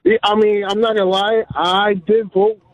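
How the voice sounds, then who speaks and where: A man's voice: high voice, flat delivery, normal speed, dry recording. A man calling into a radio show, laid-back and slangy, hesitant at times. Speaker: caller. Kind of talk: casual phone-in talk. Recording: dull phone line.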